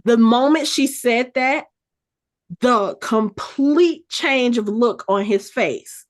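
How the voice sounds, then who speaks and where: A woman podcast host casually recapping a TV episode, telling the story with animated energy and acting out the characters' lines. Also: a little high, slow pace. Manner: animated storytelling, acts out quotes.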